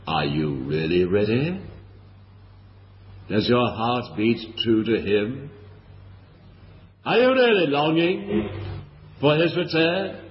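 A man's voice: mid-range voice, animated, slow pace, long pauses. A man preaching a sermon, earnest and pleading, asking his listeners question after question. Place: church hall. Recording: lo-fi recording in a reverberant hall.

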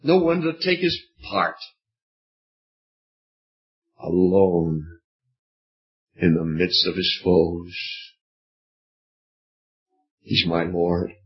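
A man preaching an evening sermon, slow and dramatic, with long pauses and repeated phrases. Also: low voice. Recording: dull lo-fi recording.

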